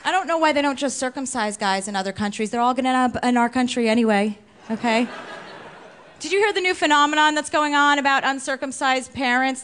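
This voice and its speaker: Brash high-voiced woman doing stand-up. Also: a bit bright. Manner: brash, blunt, mocking. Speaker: stand-up comedian. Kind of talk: stand-up set. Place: comedy club stage with live audience. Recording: live club recording with faint crowd and noise.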